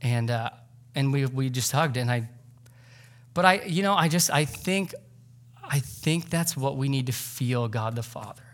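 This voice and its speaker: A man's voice: medium pitch, lively intonation, a little slow. A man in his thirties, a pastor giving a sermon in a church, talking in a loose, conversational way with many fillers. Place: church sanctuary.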